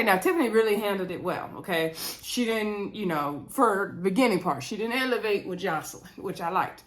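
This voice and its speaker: Woman, casual vlog recap voice, talkative and animated, slips into quoted voices. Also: mid-range voice, brisk, hardly any pauses. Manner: chatty, laughs often, acts out quotes. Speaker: recap vlogger. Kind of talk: casual reality-show recap.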